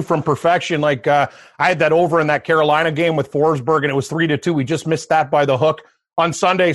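A man with a high voice co-hosts a sports betting podcast, talking casually and poking fun at himself. He laughs easily, and the recording is dry and close. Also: no echo. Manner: chatty, laughs easily, self-deprecating. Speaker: podcast co-host.

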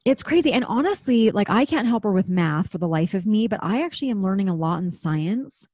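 A woman's voice: mid-range voice, lively intonation, a little fast, darkish tone, no room sound. A woman in her thirties hosting a podcast, talking candidly and chattily, swearing now and then. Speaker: podcast host. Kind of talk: casual chat.

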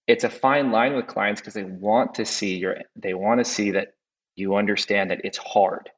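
A man, a custom home builder, chatting as a guest in a reflective way and often repeating words while he thinks. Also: on the low side. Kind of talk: casual conversational chat. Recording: dull sound with long reverb.

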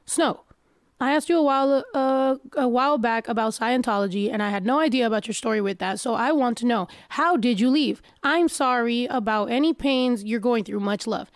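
A woman's voice: fairly high pitch, normal speed, no room sound, clean studio sound. Blunt, profane woman, stuffy nose. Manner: blunt, profane, laughs often. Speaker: streamer reading viewer comments. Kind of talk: casual chat.

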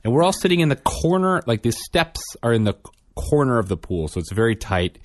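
A man's voice: medium pitch, very animated, fairly quick. A man in his thirties, a father and podcast co-host, telling a funny story in casual chat and acting out the quotes with self-deprecating humor.

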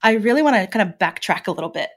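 A woman's voice: medium pitch, animated, rapid-fire. A woman hosting an interview, asking questions in a conversational, hedging way. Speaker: podcast host.

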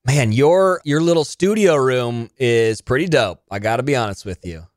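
A man hosting a podcast interview in a relaxed, jokey, slangy manner. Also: mid-range voice, moderate pace, no room sound, clean studio sound. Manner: laid-back, jokey, slangy. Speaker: podcast host. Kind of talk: casual interview chat. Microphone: podcast microphone over video call.

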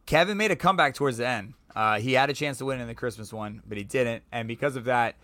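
A man's voice: mid-range voice, fast, sharp tone, no room sound, studio quality. A man co-hosting a podcast in casual, rambling chat, joking and swearing. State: voice recovering after loss. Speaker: podcast co-host.

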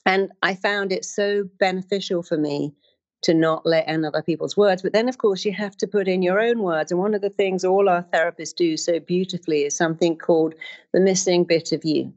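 Lower-pitched woman therapist telling stories. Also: fairly even intonation, a little fast, darkish tone, dull audio. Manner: storytelling, acts out quoted voices. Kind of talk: motivational talk with personal stories.

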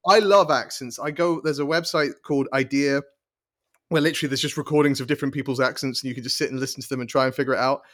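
A man's voice: medium pitch, fairly even intonation, quick pace, fairly bright tone. A man in casual podcast chat, talking enthusiastically with frequent stumbles and restarts.

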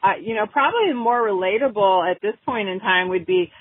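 A woman in her forties tells a story in a loose, chatty way, with plenty of fillers along the way. Her voice sounds a little husky. The sound is dry and thin, like a phone call. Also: mid-range voice, lively intonation, a little fast, dry recording. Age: 40s. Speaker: guest, women's health coach. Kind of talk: casual podcast chat, storytelling. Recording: tinny, phone-like remote audio.

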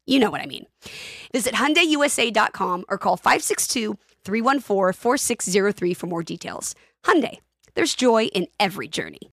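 A woman's voice: mid-range voice, expressive, normal speed, no echo, clean studio sound. A woman reading a scripted ad in a playful, chatty way. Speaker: ad reader. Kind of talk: scripted ad read.

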